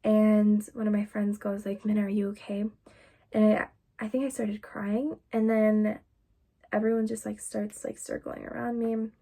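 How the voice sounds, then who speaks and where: A woman's voice: mid-range voice, little pitch movement, unhurried, vocal fry, dark tone. A young woman vlogger telling a personal story in a candid, confessional way, full of casual fillers.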